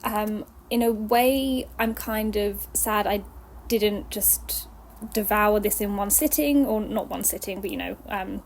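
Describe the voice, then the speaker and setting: Young woman, casual book vlogger, earnest, filler-heavy delivery, ordinary pitch. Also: measured pace, vocal fry, slight background noise. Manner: chatty, frequent ums, earnest and enthusiastic. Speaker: book reviewer. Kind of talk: casual book review to camera.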